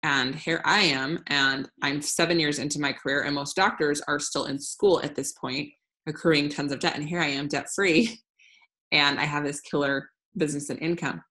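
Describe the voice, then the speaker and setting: A woman's voice: low voice, fairly even intonation, normal speed, a bit bright. A woman in her thirties giving a casual, upbeat business training talk, frank and full of restarts. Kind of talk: casual training talk over screen share.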